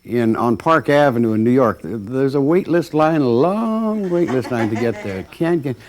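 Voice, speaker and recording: A man voicing a brisk male clerk who arranges births for souls, talking in breezy salesman patter. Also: mid-range voice, lively intonation, darkish tone, pitched above the performer's own voice, close to an everyday voice.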